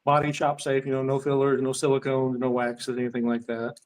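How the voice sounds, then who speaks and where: A man who is a guest on a podcast, speaking in casual chat about his upcoming detailing products, halting, with many fillers and restarts. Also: mid-range voice, completely flat delivery.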